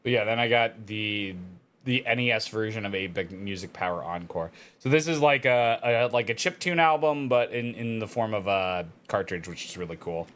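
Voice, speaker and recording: A man's voice: on the low side, animated, normal speed, a bit bright. A man streaming a visual novel, chatting casually and reading the narration aloud.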